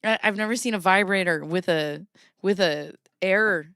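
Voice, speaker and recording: A woman's voice: mid-range voice, moderate pace, fairly bright tone, no room sound, clean studio sound. A woman in her thirties hosting a casual livestream, giggly and often breaking into laughter. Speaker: streamer host.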